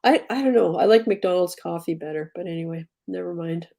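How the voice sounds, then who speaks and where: A woman hosting a casual livestream chat, chatty and laughing often, her voice trailing off softly at times. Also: on the low side, fairly quick, creaky. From Canada. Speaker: livestream host.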